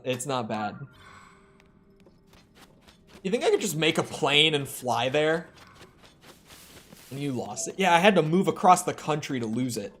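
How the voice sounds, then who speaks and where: A man's voice: fairly high pitch, a bit bright. A man streaming a video game, chatting casually, swearing and breaking into indignant exclamations. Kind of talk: casual live-stream chat while gaming.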